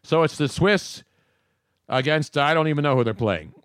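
A man's voice: a little high, lively intonation, moderate pace, a bit bright, no echo, clean studio sound. A man hosting a casual sports talk show, chatty and wisecracking, rambling from one topic to the next. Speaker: radio talk show host.

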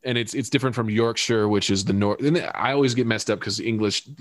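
Low-voiced man chatting loosely on a podcast. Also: fast, no echo. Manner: rambling, stumbles and restarts, laughs often. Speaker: podcast co-host. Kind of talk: casual chat.

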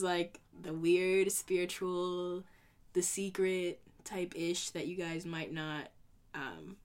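A young adult woman vlogging in a casual, reflective way, earnest and rambling, with lots of "you know" fillers. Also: on the low side. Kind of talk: casual reflective vlog talk.

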